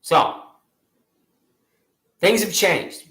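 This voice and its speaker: A man's voice: sits high, lively intonation, drawn-out words, pushed and bright. A man telling his own grievance in the second person, repeating himself emphatically and addressing himself by name. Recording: echoey room.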